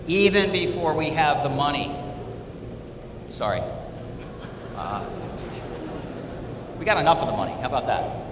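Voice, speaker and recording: A middle-aged man speaking as a donor delivers an upbeat motivational talk to students in a school hall, repeating his key words with emphasis. His slightly high voice is very animated yet measured, with frequent pauses, and the echoey hall holds faint room noise and an audience.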